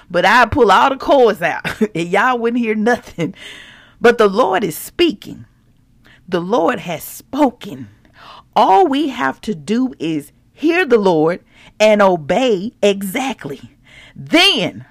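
A woman's voice: fairly high pitch, gravelly, no room sound. A woman hosting a devotional podcast, talking exuberantly to her listeners and breaking into praise and scripture reading. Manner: exuberant, preachy, addresses listeners as y'all. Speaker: podcast host.

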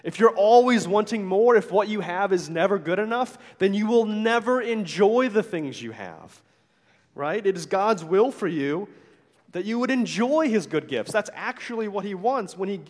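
A man's voice: sits high, animated, moderate pace, long reverb tail. A man preaching a sermon as a pastor, talking in a conversational way with frequent "right?" asides and acting out the complaints he quotes.

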